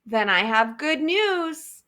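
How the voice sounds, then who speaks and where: A woman voicing a cheerful, helpful young pig in a storybook read-aloud, calm and matter-of-fact. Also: high voice, slow, voice pushed down, full character voice.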